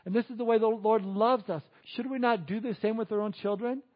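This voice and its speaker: Animated high-voiced male pastor preaching. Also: brisk, highs cut off. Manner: animated, acts out quoted people in exaggerated voices. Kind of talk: sermon.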